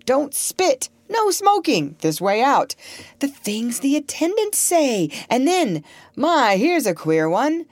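Excitable male doctor read by a woman for a storybook: breathless, eager, exclaiming, voice swooping up and down. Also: sits high, takes it slowly, dry recording, voice pushed up, exaggerated voice. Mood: excited.

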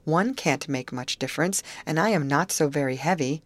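A woman's voice: deep voice, normal speed, no echo. A woman voicing Molly, a helpful, alert young woman with an eager manner, in a storybook reading.

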